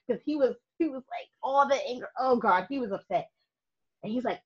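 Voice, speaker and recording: A woman in a casual podcast chat, telling lively stories as a guest photographer and laughing often. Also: fairly high pitch, a little fast, slightly rough. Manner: animated storyteller, laughs often. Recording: muffled lo-fi podcast audio.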